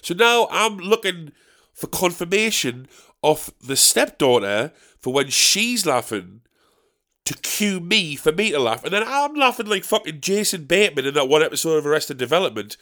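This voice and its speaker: Male comic, high-ish voice, animated and exasperated, swears a lot, bright tone, casual monologue. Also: normal speed. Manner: exasperated ranting, swears freely. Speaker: stand-up comedian and pub quiz host.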